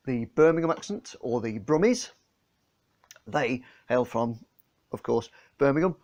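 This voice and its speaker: A man's voice: medium pitch, vocal fry. A man from England chatting casually through a beer tasting, filmed on his phone, with a homely manner and lots of fillers. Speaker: beer vlogger. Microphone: phone camera.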